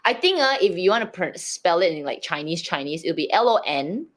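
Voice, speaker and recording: A woman's voice: on the low side, very animated, a little fast. A woman co-hosting a casual livestream chat, playfully repeating words as she practices them. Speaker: co-host learning pronunciation.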